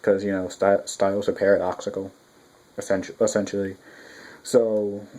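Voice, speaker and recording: A man talks through a casual review in a mellow, warm voice. He is excitable and rambling, restarting sentences and swearing freely as he goes. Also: lowish voice, moderate pace. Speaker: manga reviewer.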